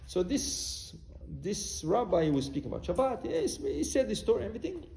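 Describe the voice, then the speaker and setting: Rabbi preaching with lively pitch. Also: male voice, normal speed, gravelly, background noise. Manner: storytelling, mixing Hebrew words into English, bursts of loud cries. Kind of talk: sermon. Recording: roomy hall with faint ambience.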